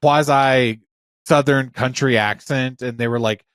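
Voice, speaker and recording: A man co-hosting a casual podcast, talking in an animated and enthusiastic way, now and then swearing. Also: medium pitch, unhurried, clear, resonant tone, no room sound, clean studio sound. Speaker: podcast co-host. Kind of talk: casual chat.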